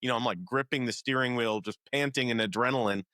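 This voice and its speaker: A man hosting a faith podcast, speaking in earnest and reflective casual chat, with pauses and fillers. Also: medium pitch, bright, forceful tone, dry recording. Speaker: podcast host.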